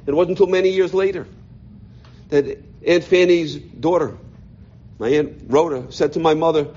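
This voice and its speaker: A man's voice: a little high, normal speed, darkish tone, slightly rough, dull audio. Middle-aged man telling a heartfelt story. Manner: heartfelt, repeats words often while searching for them. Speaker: speaker telling his life story. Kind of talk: personal storytelling talk.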